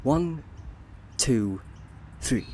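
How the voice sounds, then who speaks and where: A man reads scene directions and headings in a dry, matter-of-fact tone, at a mid pitch for a man. A faint hum of ambience sits under his voice. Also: lively intonation, very slow, a little mellow. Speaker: narrator reading a screenplay. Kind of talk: scripted narration of scene directions.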